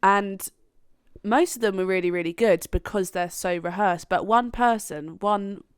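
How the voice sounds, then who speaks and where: A woman's voice: medium pitch, unhurried, smooth, no room sound, clean studio sound. A young woman co-hosting a podcast in casual, chatty talk, swearing freely and laughing often. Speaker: podcast co-host. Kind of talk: casual chat.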